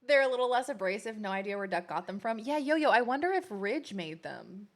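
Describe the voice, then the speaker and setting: A woman's voice: mid-range voice, sing-song, brisk. A woman, chatting casually with viewers while streaming a game. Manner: chatty, rambling, playful with pets. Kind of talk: casual live-stream chat.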